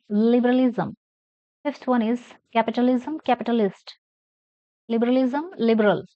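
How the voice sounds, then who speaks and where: A woman with a fairly high voice teaches English, spelling each word out letter by letter and leaning hard on the stressed syllable. Her delivery is slow and deliberate. The recording sounds dry and a little dull. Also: darkish tone, no room sound. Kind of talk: classroom lesson, spelling words out and reading aloud.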